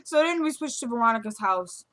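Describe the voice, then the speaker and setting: A woman's voice: fairly high pitch, expressive, fairly quick, a bit bright. A woman giving a casual, chatty recap of a TV episode, with loose asides and plenty of "like" and "you know.".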